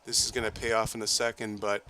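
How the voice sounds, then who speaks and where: A man's voice: lowish voice, little pitch movement, fast, sharp tone, a little hiss or hum. A man with a Boston accent interviewing a director over trailer footage, chatty and friendly as he prompts questions.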